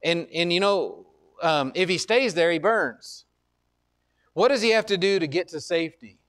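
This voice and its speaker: A man's voice: sits high, lively intonation, moderate pace, a bit bright. A man pastor preaching a sermon in an earnest, conversational way, repeating key phrases and restarting his sentences. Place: church.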